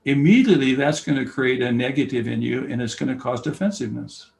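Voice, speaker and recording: An older man, a basketball coach and camp founder, talking as an interview guest, telling stories and acting out quoted dialogue, from loud to whispering. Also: mid-range voice, fast talker, gravelly, low-quality recording. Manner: animated storyteller, acts out quoted dialogue, swings from loud to whispering. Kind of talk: conversational interview, storytelling.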